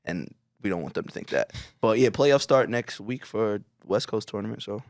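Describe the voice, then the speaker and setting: A man's voice: lowish voice, lively intonation, normal speed, vocal fry, a little mellow, no echo. A young man co-hosting a casual podcast. He talks emphatically and hypes everything up, often cutting in on the others. His voice sounds dry and close. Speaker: podcast co-host.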